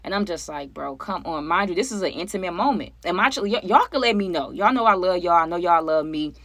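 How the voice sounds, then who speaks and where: A woman chatting casually to her viewers as she tells a personal story, animated and conversational, often asking them for their opinions. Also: on the low side, fast, dry recording. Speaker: storytime vlogger.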